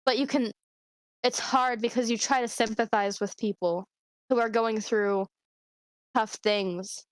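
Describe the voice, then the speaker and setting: Young woman co-host, higher voice, candid rambling confession style, dry close sound. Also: steady tone, a little slow, no room sound. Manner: open, rambling, emotional confiding with frequent swearing. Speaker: podcast co-host. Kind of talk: casual chat.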